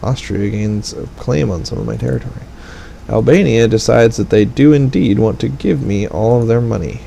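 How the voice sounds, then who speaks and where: A man's voice: mid-range voice, normal speed, gravelly, warm tone, slight background noise, low-quality recording. A man giving casual, rambling commentary over a strategy game, with wry asides. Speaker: gaming let's play commentator.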